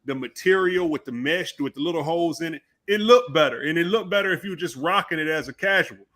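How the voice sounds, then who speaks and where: A man with a bright, forceful voice holds forth in a casual basketball podcast chat. He argues his point at length and insistently, with a fairly high pitch. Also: fast. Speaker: podcast co-host.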